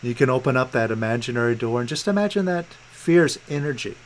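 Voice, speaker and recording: A man guiding a client through letting go of feelings in a calm, coaxing way, repeating gentle prompts over a video call. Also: medium pitch, fast talker, low-quality recording. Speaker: meditation coach. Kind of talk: guided release coaching session.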